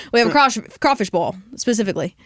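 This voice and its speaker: A woman's voice: fairly high pitch, fairly bright tone, dry recording, studio quality. A young woman who works as a news anchor, chatting casually as an interview guest, laughing often and talking with lots of likes and ums. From American Midwest.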